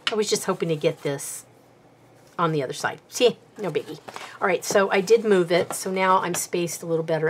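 Low-voiced woman chatting through a craft demo. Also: slight background noise. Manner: chatty and self-deprecating, talking while working with her hands. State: slightly out of breath. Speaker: crafter demonstrating bookbinding. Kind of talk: casual craft tutorial chat.

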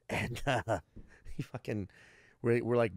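A man's voice: medium pitch, takes it slowly, dry recording, studio quality. A man in his thirties, a comedian guest, telling rambling stories in casual interview chat and swearing constantly. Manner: heavy swearing, rambling storyteller.

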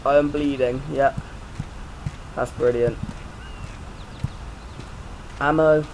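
A man's voice: medium pitch, fairly even intonation, normal speed, long pauses, background noise. A man giving let's play commentary, jumpy and prone to swearing, yelping and shrieking when startled. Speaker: gaming YouTuber.

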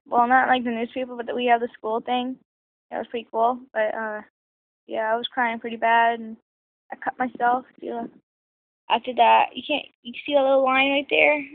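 A teenage girl telling a personal story to camera in a halting, rambling way full of ums and restarts, recorded on a phone. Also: a little high, flat delivery, gravelly, narrow, tinny audio. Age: teens. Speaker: vlogger.

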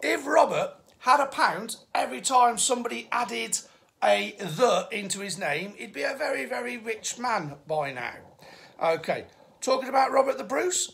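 A man's voice: very high-pitched, creaky, fairly bright tone. A man with an English Midlands accent, a tour guide telling history facts in a chatty, jokey live stream and greeting viewers by name. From England.

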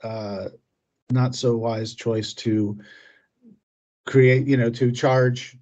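A man's voice: mid-range voice, steady tone, extremely slow, darkish tone, lo-fi sound. A man, a filmmaker guest in a casual interview chat, talking in a rambling, hesitant way with many fillers and restarts.

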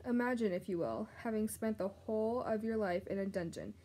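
A woman narrating a children's novel aloud, gently addressing the reader. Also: medium pitch, brisk. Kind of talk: storybook read-aloud narration.

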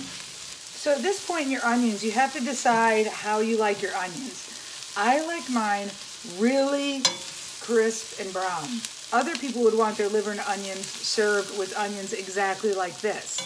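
A woman at the stove in her home kitchen, talking her viewers through a recipe one step at a time. Her voice sits at an everyday middle pitch, and loud frying and sizzling from the pan run underneath it. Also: background noise. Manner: chatty, talks viewers through each step. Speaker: home cooking channel host. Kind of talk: casual cooking demonstration.

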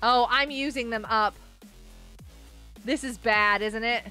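A woman's voice: a little high, steady tone, slow pace, pushed and bright, smooth, soft background music. A young woman streaming a game live, bubbly and exclaiming, chatting with viewers as she plays. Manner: bubbly, exclaims and laughs often, talks to chat.

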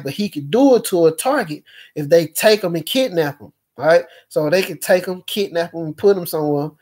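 A man with a somewhat higher-pitched voice talks in a loose, rambling monologue. He stops often on fillers and restarts his sentences as he goes, keeping a conversational tone. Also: darkish tone. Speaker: speaker recounting experiences.

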